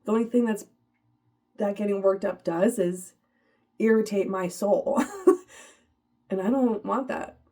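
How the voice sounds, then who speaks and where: A woman's voice: mid-range voice, unhurried, long pauses, dark tone. A woman, giving a casual, upbeat motivational talk to her viewers, full of "like" fillers and laughter. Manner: chatty, upbeat, many "like" fillers, laughs often. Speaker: vlogger.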